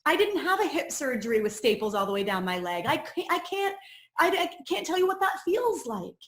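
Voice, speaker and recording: Woman coach with a somewhat high voice, teaching a course in an earnest, personal way, recorded with room echo. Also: very animated, fairly quick. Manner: earnest and personal, sharing her own story. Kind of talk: reflective teaching talk. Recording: roomy echo.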